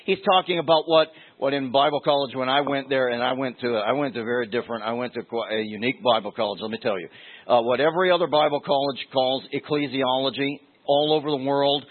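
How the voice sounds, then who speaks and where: A man with a fairly high voice delivers a loose, conversational sermon, circling back to repeat key phrases for emphasis. The audio is thin and tinny, like it was heard over a phone line.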